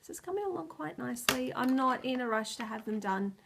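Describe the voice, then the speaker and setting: A woman's voice: high-pitched, animated, a little fast, gravelly, background noise. A woman talks casually through her knitting projects for a video podcast. She sounds tired and stressed, close to tears at times. She rambles, loses her words and laughs easily. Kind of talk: casual chat.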